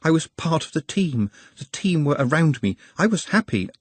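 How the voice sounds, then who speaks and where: A man's voice: a little high, big pitch swings, normal speed, husky, dry recording, pitched above the performer's own voice. A man voicing an earnest, formal male goblin scholar with precise, hesitant phrasing.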